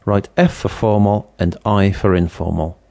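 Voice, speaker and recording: A man reading out the instructions for a language course exercise in a measured, announcing way. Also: on the low side, steady tone, creaky, a little mellow. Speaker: course audio narrator.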